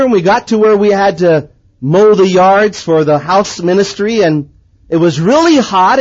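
A man preaching a sermon and telling his own story in a lively way, swinging from excited to hushed. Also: sits high, dull audio. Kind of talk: sermon with personal testimony.

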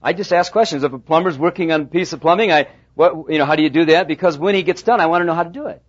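Pastor guy preaching, kinda high voice, folksy stories, stops and restarts a lot. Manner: folksy storytelling, halting restarts. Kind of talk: sermon. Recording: dull lo-fi sound.

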